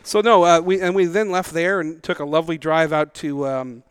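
A man hosting a casual car podcast, rambling and self-mocking, quick to laugh. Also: a little high, fairly even intonation, clean tone, dry recording, clean studio sound. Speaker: podcast host. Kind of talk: casual chat.

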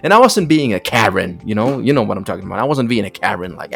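A man's voice: lowish voice, very animated, fast, vocal fry, fairly bright tone, breathy edge. A man hosting a podcast alone, talking bluntly and emphatically in a casual monologue, full of profanity and repetition, with faint music behind him. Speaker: podcast host.

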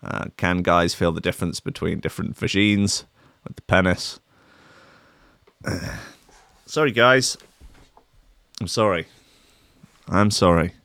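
A man's voice: low voice, slow, pauses often, a bit bright, no echo, studio quality. A man hosting a casual live stream, rambling and apologetic, swearing and poking fun at himself. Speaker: stream host.

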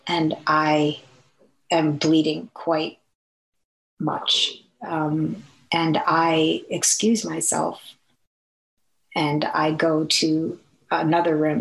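Woman, lowish voice, telling her own story, lots of ums and restarts, echoey room. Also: creaky. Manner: halting, many fillers and restarts. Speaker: guest telling a personal story. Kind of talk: personal testimony, conversational.

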